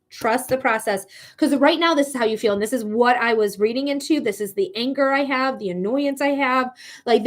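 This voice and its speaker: A woman with a somewhat high-pitched voice hosts a live-streamed psychic reading. She talks in a casual, emphatic way, swears freely, and addresses her viewers directly. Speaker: psychic reader.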